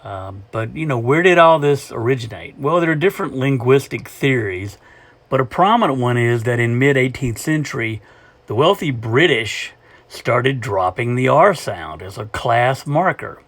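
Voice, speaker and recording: A man with a Gulf Coast Southern accent, talking casually to the camera on a hiking trail in a relaxed, unhurried way. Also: mid-range voice, dry recording. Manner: relaxed, unhurried, with frequent fillers. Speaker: hiker vlogger. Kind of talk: casual trail vlog talk.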